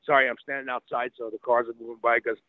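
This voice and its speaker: A man telling stories as a guest over the phone. He talks in a lively, casual way, repeats words and acts out quotes. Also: medium pitch, quick pace, slight background noise. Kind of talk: casual storytelling. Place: outdoors by a street. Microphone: phone call. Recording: tinny phone line, dry.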